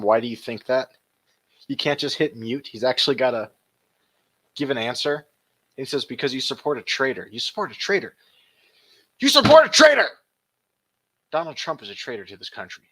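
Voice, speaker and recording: Male show host reacting to clips, sarcastic and loose, middle pitch. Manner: mocking, animated retelling of clips. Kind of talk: casual reaction commentary.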